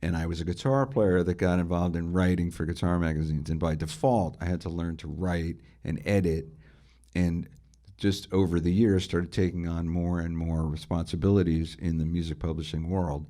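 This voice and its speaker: This man's low, warm voice holds fairly even intonation at a normal speed. He's a middle-aged guitarist and music writer, a guest in a conversational interview, sharing enthusiastic stories and posing rhetorical questions.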